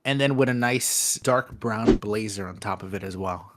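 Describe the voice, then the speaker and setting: A man from Los Angeles co-hosting an improvised comedy chat, laid-back and deadpan, often restarting his sentences. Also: lowish voice, moderate pace, background noise. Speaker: podcast co-host.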